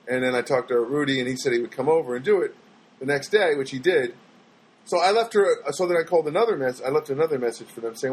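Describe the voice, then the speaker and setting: Brisk and expressive, this man's mid-range voice sounds slightly rough, and the audio is poor. He rambles through everyday anecdotes for his viewers, exasperated, frequently restarting, and imitating others in his quotes.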